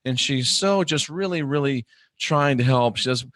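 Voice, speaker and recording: A middle-aged man hosting a live online talk show, talking bluntly and animatedly, sometimes breaking into loud mock shouts. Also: medium pitch, normal speed, no echo, clean studio sound. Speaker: host.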